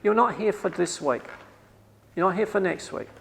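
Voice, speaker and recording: A man's voice: sits high, animated, normal speed, vocal fry, a bit bright, in a large hall, a little hiss or hum, poor audio. A man with an Australian accent giving a workshop lecture to staff, emphatic and repeating his key advice.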